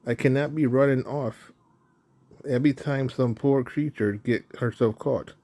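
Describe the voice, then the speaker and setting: A man's voice: medium pitch, fairly even intonation, a little slow, dark tone, close to an everyday voice. A man voicing a lazy, proud lion king in a children's storybook. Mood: gruff.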